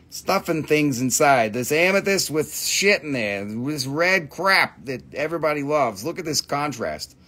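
Chatty man selling crystals on a live stream. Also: on the high side. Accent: Appalachian. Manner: loose, chatty, swears casually, reads out prices and buyer numbers. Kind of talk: casual live sales stream.

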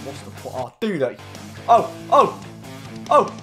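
A young man giving cheeky, excitable commentary on his gameplay, yelping at the plays. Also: on the high side, unhurried, soft background music. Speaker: gaming YouTuber.

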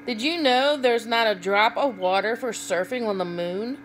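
A woman's voice: fairly high pitch, moderate pace, a little hiss or hum, close to an everyday voice. A woman reading a storybook voices a patient male farmer who coaxes and reasons with his stubborn cow. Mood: cheerful. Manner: coaxing, pleading reasoning.

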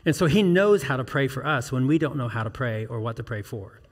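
A man delivers a sermon as pastor, in a middle-pitched voice that climbs to emphatic, urgent peaks. He puts pointed questions to the listeners. His voice trails into a long church reverb. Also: expressive, fairly quick. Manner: earnest preaching with rhetorical questions and rising emphatic peaks. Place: church sanctuary.

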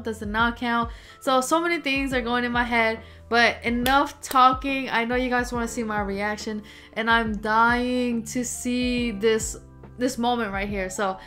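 Excitable young woman reacting, high voice. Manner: excitable, emotional, slangy. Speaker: reaction video host. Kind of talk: casual reaction commentary.

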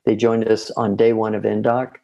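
A man's voice: fairly low pitch, flat delivery, moderate pace, creaky, warm tone, lo-fi sound. A man, a podcast guest, telling long casual stories with rambling restarts. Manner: rambling, self-interrupting anecdotes. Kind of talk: casual storytelling.

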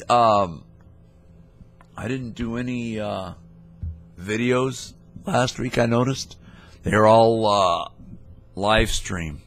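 A man's voice: medium pitch, lively intonation, slow pace, pauses often, fairly bright tone. A man hosting a scam-baiting video, playing a mock-naive caller with a rambling, playful manner. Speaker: host of a scam-baiting channel. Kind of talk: prank phone call and casual vlog talk.

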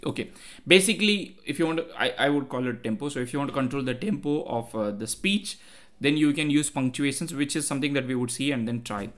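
A man walks viewers through code in a loose, explanatory way, padding his sentences with fillers. His pitch sits in the middle range, neither high nor low. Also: lively intonation, fast talker, a bit bright. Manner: talks to himself while looking things up. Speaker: tech tutorial host. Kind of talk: casual screen-share coding walkthrough.

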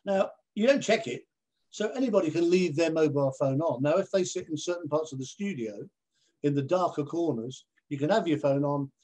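A man, a television presenter, telling anecdotes in an animated way over a video call and acting out other people's voices. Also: on the high side, a little fast. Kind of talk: anecdotal storytelling in a conversation.

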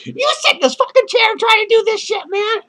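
A man with a sharp-toned, very high voice speaks a little fast as a lonely woman clown with a foul mouth. In this comic character bit, she reviews a movie in an annoyed rant full of profanity, laughing between lines.

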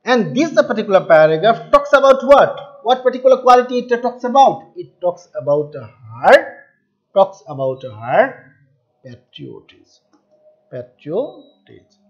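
A man's voice: high voice, big pitch swings, measured pace. A man teaching a textbook chapter, repeating words and answering his own questions. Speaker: English teacher. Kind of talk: classroom lesson explaining a textbook. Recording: dull lo-fi recording.

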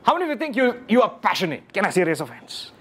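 A man's voice: sits high, very fast, breathy edge. A man giving a motivational talk to a live audience, questioning them often and repeating key phrases for emphasis. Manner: animated, keeps questioning the audience. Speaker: motivational speaker. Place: lecture room with audience.

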